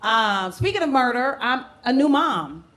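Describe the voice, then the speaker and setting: A high-voiced woman performs stand-up into a handheld stage mic. Her delivery is brash and loud. She slips easily into mocking voices. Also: big pitch swings, a little slow, noisy background. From Brooklyn, New York. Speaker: stand-up comedian. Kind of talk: stand-up comedy set. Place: comedy club stage with a live audience.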